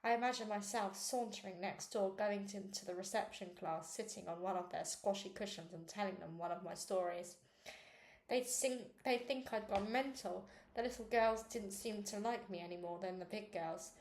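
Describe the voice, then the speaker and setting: A woman's voice: normal speed, a little mellow. Woman reading a children's book aloud. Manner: reads with small slips and restarts, lifts pitch for quoted girls. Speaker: reader. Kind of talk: read-aloud book narration. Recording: echoey room with faint noise.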